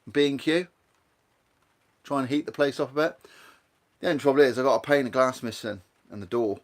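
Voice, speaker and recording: Man, Guernsey accent, casual live stream, rambling, chatting to viewers, mid-pitched voice. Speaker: channel host. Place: greenhouse used as a studio.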